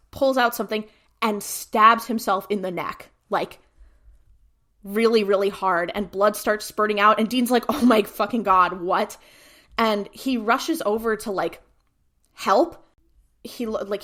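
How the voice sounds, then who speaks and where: A woman co-hosting a podcast, casually recapping an episode and acting out the characters' lines with lots of "like". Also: medium pitch. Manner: animated retelling, acts out character lines. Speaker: podcast co-host.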